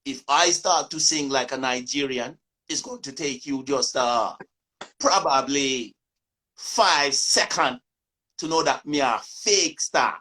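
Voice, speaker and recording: A man voicing a teasing Jamaican male friend in a put-on patois accent, loud and mocking. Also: medium pitch, takes it slowly.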